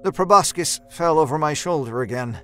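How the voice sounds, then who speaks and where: A male storyteller reading a first-person horror story in a tense, often hushed voice that breaks into sudden shouts. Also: fairly high pitch, expressive, fairly quick. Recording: narration with a faint music score.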